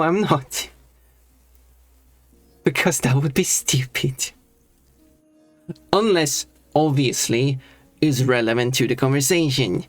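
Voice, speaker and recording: Streamer, rambling casual live-stream chat, mid-pitched, faint music underneath. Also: no room sound. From Sweden. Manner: rambling, restarts often, laughs at own points.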